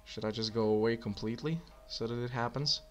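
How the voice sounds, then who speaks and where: A man's voice: medium pitch, brisk, lo-fi sound, faint music behind. A man giving casual gameplay commentary, thinking aloud with many fillers as he plays. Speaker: let's play gamer.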